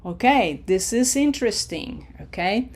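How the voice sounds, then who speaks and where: A woman teaching a pronunciation lesson, drawing out model words slowly and coaxing the learner with questions. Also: mid-range voice, very animated, a little mellow. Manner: slow, drawn-out model words between explanations. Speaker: Spanish teacher.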